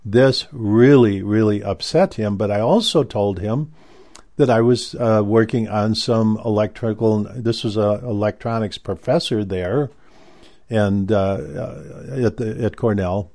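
A little slow and dark-toned, this older man's low voice carries a casual, rambling recollection of his past. He frequently halts and restarts.

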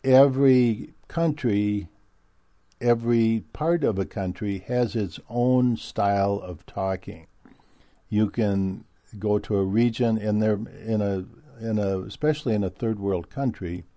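A man's voice: lowish voice, unhurried, mellow, dry recording. A man from Minnesota with a Midwestern American accent, talking in a rambling casual monologue with many fillers and restarts.

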